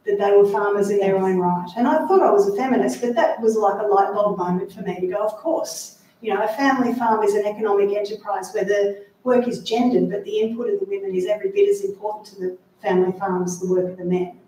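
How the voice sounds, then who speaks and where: A woman author speaking to a library audience, lively and chatty with wry asides, recorded from far off in an echoey room. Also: mid-range voice, fast talker, hardly any pauses. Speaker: author giving a library talk. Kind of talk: talk and audience Q&A.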